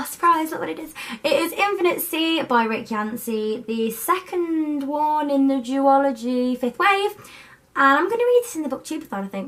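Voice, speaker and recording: Young woman, slightly high voice, excitable book-vlog chatter to camera. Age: young adult. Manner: bubbly and overexcited. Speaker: book vlogger. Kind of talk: casual chat to camera. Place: student bedroom at her university home. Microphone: camera set up by herself.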